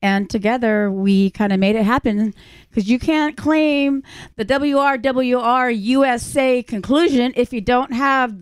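Woman from Hawaii, podcast guest; crisp, dry, enthusiastic. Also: a little high, fairly even intonation, measured pace, dry recording. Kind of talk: casual podcast chat.

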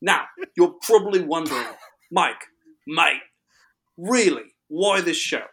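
A man's voice: a little high, animated, takes it slowly, bright, forceful tone, exaggerated voice. A man putting on a chirpy British presenter. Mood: cheeky. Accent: attempted British. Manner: mock-formal, playful reading of a written review. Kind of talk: read-aloud comic review.

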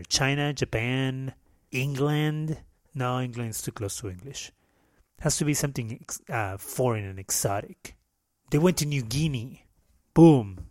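A man's voice: mid-range voice, no room sound, clean studio sound. A man from Peru with a Peruvian Spanish accent, whose first language is Spanish, hosting a casual solo podcast monologue in a playful, self-mocking, rambling way. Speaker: podcast host.

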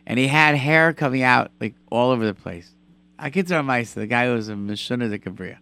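A man hosting a call-in radio show, chatting with callers and telling animated stories with lots of repetition. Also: mid-range voice, a little fast, clean tone, no echo. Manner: animated storyteller, repeats himself for emphasis. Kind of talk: call-in radio chat and storytelling.

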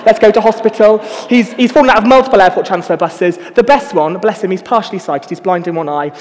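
A man's voice: high voice, fast, in a large hall. A young man giving a casual, self-mocking sermon full of personal stories. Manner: self-mocking, chatty storytelling. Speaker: preacher.

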